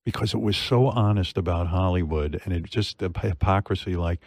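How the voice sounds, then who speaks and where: A man's voice: low-pitched, a little fast, creaky, darkish tone, no echo. A man hosting a casual interview, rambling and swearing freely as he praises a show. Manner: rambling, profane, lots of fillers and restarts. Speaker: host.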